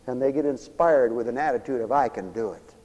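A man preaching a sermon, telling stories and acting out the lines of the people in them, dropping to a hush and then building to fervent cries. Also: mid-range voice, brisk. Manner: storytelling with acted-out quoted dialogue, swinging from hushed to fervent cries. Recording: long echoey hall reverb.

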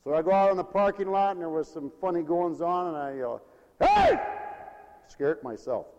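A man preaching a sermon with fervor, swinging from loud cries to hushed storytelling. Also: on the high side, fairly quick, lo-fi sound. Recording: reverberant hall.

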